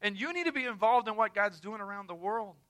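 A man's voice: sits high, expressive, fast talker, sharp tone. A man preaching a missions sermon, telling a story in an earnest, emphatic, conversational way.

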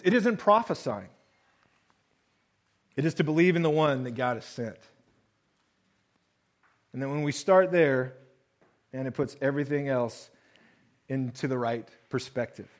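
A male pastor giving a sermon in a conversational way, reading verses and then explaining them, often dropping low and soft on key phrases. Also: poor audio. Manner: conversational preaching, reads scripture then explains with acted-out voices.

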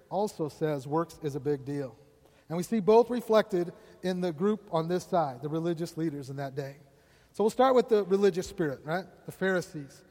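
A pastor preaches a sermon conversationally in a large hall, repeatedly checking in with the congregation by asking "right?" and laughing between points. His voice is high-pitched and a little mellow.

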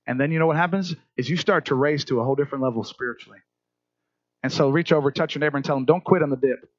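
A man's voice: fairly high pitch, very fast, highs cut off. A man preaching a sermon as pastor, talking conversationally to the congregation, often checking in with "right?" and stumbling over restarts.

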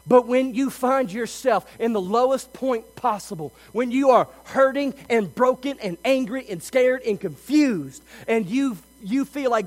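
High-voiced preacher, loud then hushed. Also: male voice, normal speed, long reverb tail, poor audio. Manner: swings between loud emphatic passages and quiet, low, intimate asides. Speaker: pastor. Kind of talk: sermon. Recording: faint mains hum.

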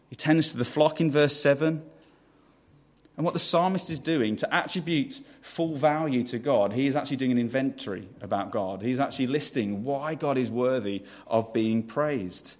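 A pastor delivers a sermon in a relaxed, conversational manner. His voice sits at an ordinary middle pitch, and he often stops to ask the congregation questions, circling back to restart his phrases. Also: a little fast.

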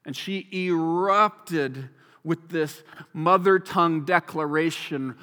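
Bright high-voiced man preaching a sermon. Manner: animated, acts out the people in the story in quick voices. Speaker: pastor. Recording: long hall reverb.

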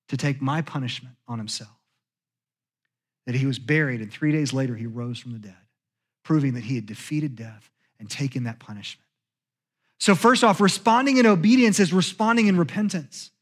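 A man preaching a sermon as pastor in a church, talking conversationally and sinking to hushed tones for confessions. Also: high voice. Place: church sanctuary.

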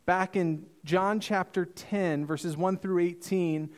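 A man preaching a sermon as pastor, earnest and emphatic, slowing down for quoted scripture. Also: high-pitched, fairly even intonation, darkish tone.

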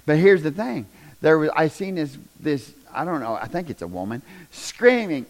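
A high-voiced male preacher delivers a fiery sermon. He swings from loud shouting down to hushed near-whispers, folksy and full of repeated questions to the congregation. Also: very animated, moderate pace. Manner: folksy, repeats "do you understand".

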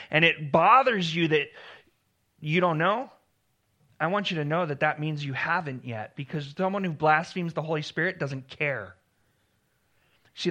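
A man's voice: high voice, bright, forceful tone. A man preaching a sermon, earnest and emphatic, repeating key phrases for weight. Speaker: pastor.

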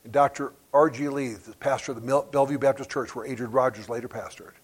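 A man in his sixties preaching a sermon as a guest preacher, telling stories and building to sudden emphatic rises in loudness. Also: mid-range voice, fairly even intonation, fast talker, few pauses, slightly rough.

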